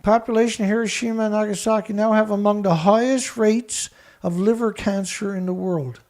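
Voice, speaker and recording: A man hosting a show, reading research text aloud haltingly and breaking in with scornful remarks to an absent critic. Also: high voice, fairly even intonation, a little mellow. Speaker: show host. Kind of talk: reading documents aloud with commentary.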